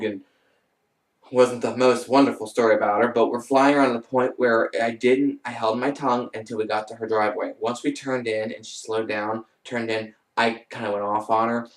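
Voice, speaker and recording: Young guy rambling thru his stories, animated, kinda far from the mic, echoey room. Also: normal speed. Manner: rambling, animated, mimics others in high voices. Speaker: vlogger. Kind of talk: casual storytelling. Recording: roomy echo, off-mic.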